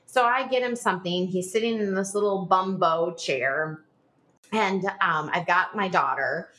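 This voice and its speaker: A woman's voice: lowish voice, measured pace, fairly bright tone. A woman in her forties telling a personal story as a podcast guest, chatty, with lots of "like" fillers and short nervous laughs.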